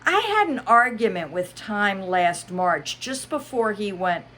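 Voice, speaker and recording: A woman voicing an eccentric, riddling male hatter in a storybook reading, pitched high and theatrical. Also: very animated, measured pace, a bit bright. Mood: whimsical. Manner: high, sing-song, theatrical.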